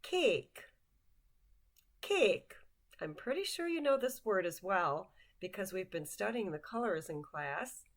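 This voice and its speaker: With a sing-song, slightly bright mid-range voice, a female language teacher moves at normal speed with few pauses. Her lesson is slow and built on repetition, as she teaches basic words singly and patiently prompts the listener to echo each one.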